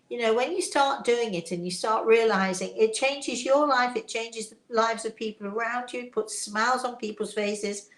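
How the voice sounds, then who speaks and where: An older woman with an English accent, a spiritual author answering viewer questions in a casual, encouraging way with many fillers. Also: a little high. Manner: chatty, warm encouragement, laughs often, hesitant fillers. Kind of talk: casual live Q&A chat. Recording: echoey room sound.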